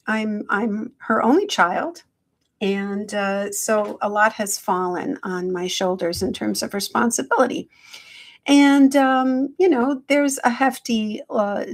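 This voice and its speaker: A middle-aged woman hosting a casual live-stream check-in, speaking slowly and gently to her viewers through a phone. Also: mid-range voice. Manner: slow, gentle, affectionate, greets viewers by name. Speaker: hypnotherapist livestream host.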